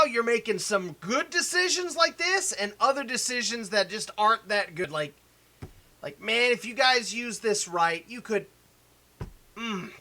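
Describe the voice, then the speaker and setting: Guy doing reaction commentary, really bright tense voice, jumps all over in pitch, keeps rambling. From United States. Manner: excitable, rambling, talks over the clip. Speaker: reaction video host.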